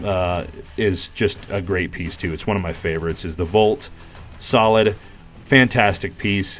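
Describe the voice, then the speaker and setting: A man hosting a casual review vlog about bowling balls, talking in a relaxed, conversational way with lots of fillers and plenty of enthusiasm. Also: lowish voice.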